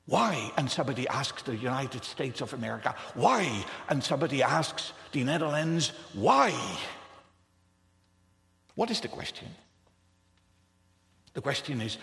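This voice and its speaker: Slow, animated preacher in an echoing hall. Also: male voice, a little high. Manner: emphatic, rhetorical, repeats words for effect. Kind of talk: sermon. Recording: echoey hall with long reverb.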